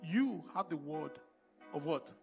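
Impassioned high-voiced male preacher. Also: expressive, slow pace, creaky, music in the background. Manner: impassioned, swings between hushed and loud. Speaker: pastor. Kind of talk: sermon with sung worship.

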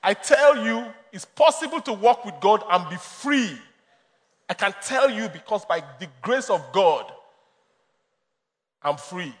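A pastor preaching with emphatic, story-driven delivery. His voice sits high for a man. A long reverb from the big hall trails his words. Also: expressive, unhurried, pauses often. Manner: emphatic, storytelling, laughs often. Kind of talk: sermon.

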